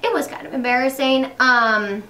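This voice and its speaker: A woman's voice: sits high, moderate pace, sharp tone, echoey room, distant mic. A young pregnant woman chatting casually while doing her makeup, upbeat, with lots of fillers and restarts. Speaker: beauty vlogger.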